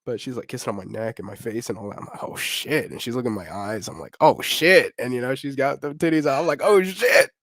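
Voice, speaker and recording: Young male podcast host, lively raunchy storyteller, dry close-miked sound. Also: mid-range voice, racing, few pauses, no room sound. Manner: animated, swearing, slangy, laughing often. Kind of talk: casual storytelling chat.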